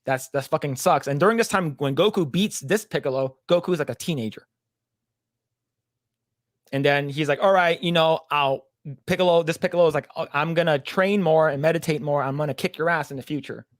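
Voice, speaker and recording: A man's voice: a little high, brisk, no room sound, clean studio sound. A man on a podcast casually retelling a cartoon story, rambling, acting out the characters' lines and swearing freely. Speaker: podcast co-host.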